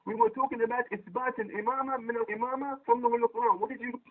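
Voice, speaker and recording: Very high-pitched man debating over a tinny line. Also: steady tone, fast. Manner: insistent, repeats his questions. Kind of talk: heated online debate. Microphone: poor quality microphone. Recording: tinny phone-like voice chat line.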